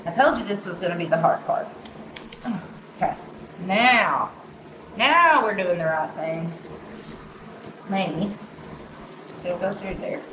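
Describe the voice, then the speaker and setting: A woman's voice: fairly low pitch, animated, slow, pauses often, noisy background. A woman hosting a live craft demonstration, chatty and sing-songy, talking to herself as she works. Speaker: craft tutorial host. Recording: roomy, slightly dull sound.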